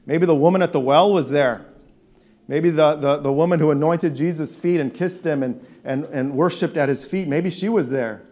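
A man preaching a conversational sermon, animated and leading his congregation in call and response. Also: a little high. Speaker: pastor.

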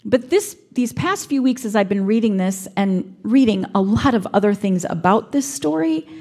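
A woman's voice: mid-range voice, lively intonation, normal speed, hardly any pauses, a little mellow. Woman preaching a reflective sermon. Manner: reflective, acting out quoted speech.

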